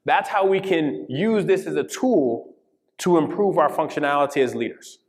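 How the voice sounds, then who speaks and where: A man's voice: fairly high pitch, expressive, normal speed. A man from Colorado giving an interactive diversity workshop, speaking emphatically and checking in with the audience often. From Colorado, USA. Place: conference session room. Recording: long reverb of a large hall.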